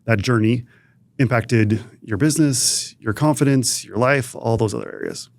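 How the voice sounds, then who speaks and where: A man's voice: mid-range voice, normal speed, gravelly, no room sound, studio quality. A man hosting a podcast, asking long, meandering questions with many restarts. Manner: rambling, restarts mid-question. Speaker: podcast host. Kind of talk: interview questions.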